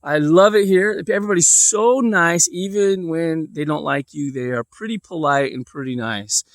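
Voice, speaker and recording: A man's voice: on the high side, moderate pace, no room sound, clean studio sound. A man telling a personal story in a casual, rambling way, with lots of fillers and restarts. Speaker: vlogger.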